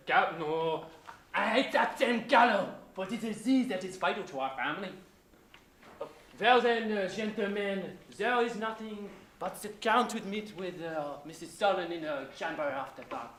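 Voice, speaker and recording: A man's voice: high-pitched, fairly bright tone. A young man playing a sly Irish priest who pretends to be foreign, blustering and flustered on a school stage. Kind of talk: stage acting in a school play. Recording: echoey stage with faint hiss.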